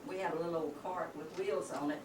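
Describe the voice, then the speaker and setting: An older woman from rural Texas, telling family stories in an unhurried way with halting fillers. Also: deep voice, fairly even intonation. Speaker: family member reminiscing. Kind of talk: casual family reminiscence. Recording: roomy, distant home-video sound with hiss.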